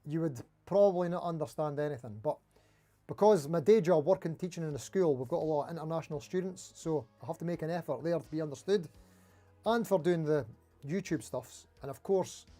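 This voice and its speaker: A middle-aged man with a Dundee Scottish accent, hosting a casual guitar livestream and chatting quickly with viewers. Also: on the high side, warm tone. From Scotland. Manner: fast-talking, chatty, reading out viewer comments. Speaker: livestream host.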